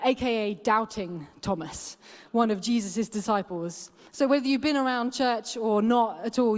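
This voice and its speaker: A woman's voice: a little high, darkish tone. A woman giving a casual, humorous sermon as a guest preacher, chatty and often laughing. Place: church hall. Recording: echoey church hall.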